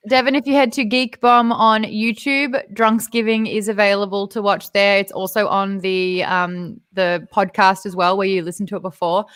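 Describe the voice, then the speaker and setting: A woman's voice: mid-range voice, little pitch movement, moderate pace, few pauses, fairly bright tone, clear, resonant tone, no room sound, clean studio sound. A woman hosting a casual charity stream, upbeat and reading out chat comments. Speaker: stream host.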